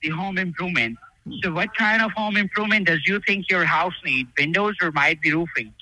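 A man on a sales phone call as a telemarketing supervisor, with soft, formulaic sales talk. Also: high voice, brisk, no room sound.

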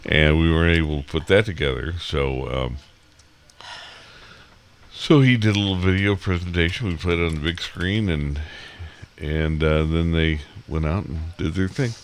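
A middle-aged morning radio host, speaking from the studio in a rumbling low voice at a moderate pace, sounds stuffed up and sniffly from a cold. His talk wanders, packed with fillers.

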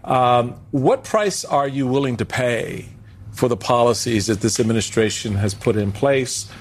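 A man co-hosting a news panel, posing questions in a halting way with many fillers. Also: mid-range voice. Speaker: news show co-host. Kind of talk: panel discussion.

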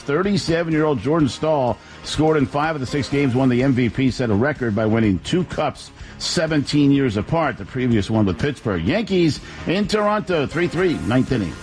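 A man reading sports headlines on business radio in a brisk, clipped delivery. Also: mid-range voice, lively intonation, darkish tone, faint music behind, low-quality recording. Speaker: sports reporter. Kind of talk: radio sports news read.

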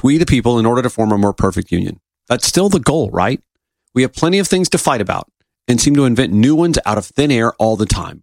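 Male radio host, lively pitch, lilt, dry studio mic, opinionated commentary. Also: no echo. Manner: animated, asks rhetorical questions. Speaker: radio talk show host. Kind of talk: political commentary, reading quotes.

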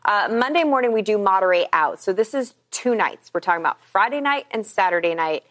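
A woman's voice: medium pitch, lively intonation, fairly quick, fairly bright tone. A woman meteorologist chatting through a weather forecast on air, explaining things in a friendly, upbeat way.

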